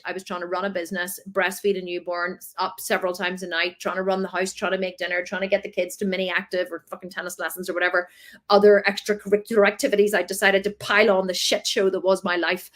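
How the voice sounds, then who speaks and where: A woman, telling a personal story in a chatty, animated way during a masterclass talk. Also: medium pitch. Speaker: coach.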